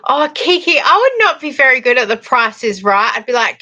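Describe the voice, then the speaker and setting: A woman's voice: high-pitched, very animated, fairly quick, sharp tone, dry recording, lo-fi sound. Brief: middle-aged Australian woman, livestream host, chatty storyteller, dry close sound. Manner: chatty storyteller, laughs often, reads out viewer comments. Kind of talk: casual livestream chat.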